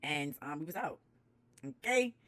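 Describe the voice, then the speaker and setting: A young woman with a New York accent tells her story at a rapid clip, slangy and animated, sometimes breaking into loud praise. Her voice sits low but sounds bright and forceful. The recording is close and dry. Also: dry recording. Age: young adult. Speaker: vlogger. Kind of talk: casual storytelling to camera.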